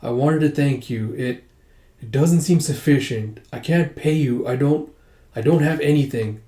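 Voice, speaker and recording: A man reading aloud and voicing a weary young man who speaks haltingly and apologetically. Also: medium pitch, warm tone, lightly acted. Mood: apologetic. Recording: roomy echo.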